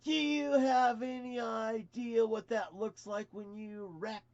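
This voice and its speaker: A man voicing a furious male highway patrol officer who shouts and scolds in a drawn-out way. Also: steady tone, lo-fi sound, full character voice. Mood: yelling.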